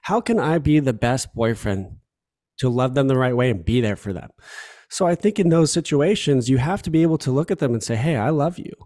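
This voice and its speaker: Earnest chicago guy opening up on a podcast, mellow warm voice. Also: mid-range voice, animated, a little fast. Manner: earnest, heartfelt, repeats himself. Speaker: podcast guest. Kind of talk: candid conversation.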